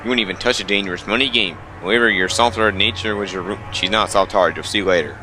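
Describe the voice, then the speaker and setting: A man's voice: fairly low pitch, quick pace, over music. A young man reading a visual novel aloud, stumbling over lines and breaking off for wry asides. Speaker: let's player.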